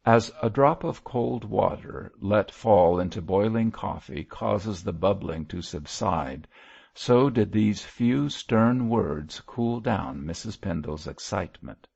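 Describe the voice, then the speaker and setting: Male audiobook narrator, lively delivery, lo-fi recording. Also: on the low side, takes it slowly, vocal fry, slightly rough. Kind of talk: scripted narration.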